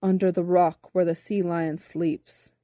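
A woman's voice: fairly low pitch, level tone, unhurried, mellow, dry recording, studio quality, voice pushed down, lightly acted. A woman voicing a seven-hundred-year-old male brownie sea captain who talks down to others in a storybook reading. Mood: grave. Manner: lofty, scolding. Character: ancient know-it-all male brownie captain.

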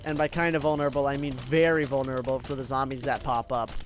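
A man's voice: mid-range voice, flat delivery, quick pace, slight background noise. A young man giving casual gameplay commentary, addressing his viewers as "guys" and swinging between hype and gloom. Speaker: gaming YouTuber.

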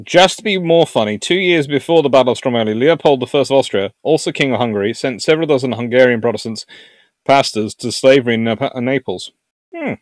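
A man hosting a naval history livestream, chatting with viewers in an animated, jokey way. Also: mid-range voice, fast talker, dry recording. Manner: animated and jokey, puts on silly voices for nations. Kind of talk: live stream talk answering chat.

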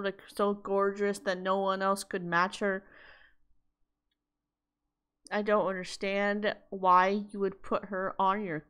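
A woman's voice: mid-range voice, sharp tone, clear, resonant tone. Woman ranting angrily at the camera. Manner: heated, swearing, blunt. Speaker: vlogger. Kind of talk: angry vlog rant.

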